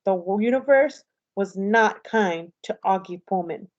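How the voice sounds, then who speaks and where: A woman's voice: medium pitch, a little slow, natural voice. A woman reading aloud and voicing a blunt, confident teenage girl with a frank, matter-of-fact manner, on a slightly dull, lo-fi recording.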